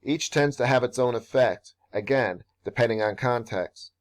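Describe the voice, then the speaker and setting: A man, a professor, narrating a scripted workshop lesson in a measured, explanatory way. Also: mid-range voice. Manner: measured, explanatory, slows down for read-aloud examples. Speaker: professor leading a writing workshop.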